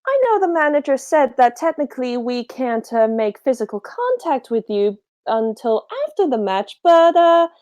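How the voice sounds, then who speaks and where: A woman's voice: high-pitched, very animated, normal speed, few pauses, darkish tone, pitched above the performer's own voice. Woman doing a flustered stammering little wrestler. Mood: nervous. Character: small flustered nervous male wrestler.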